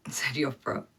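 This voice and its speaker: An Irish woman ranting bluntly to her viewers on a livestream, swearing freely and talking straight to them. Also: fairly bright tone.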